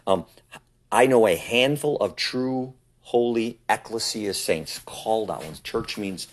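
A man preaching in conversation, insistent, often asking "ready?" and acting out quoted voices with big jumps in pitch. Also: measured pace, slight background noise. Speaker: street preacher.

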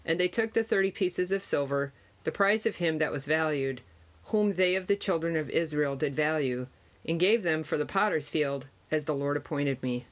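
A reader giving a Gospel passage in archaic wording, steady and measured with small stumbles. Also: mid-range voice. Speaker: scripture reader.

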